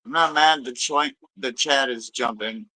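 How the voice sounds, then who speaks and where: A man's voice: mid-range voice, unhurried, bright, forceful tone, low-quality recording. A man hosting a live tarot stream, chatting casually and loosely with viewers, swearing freely and rambling between readings.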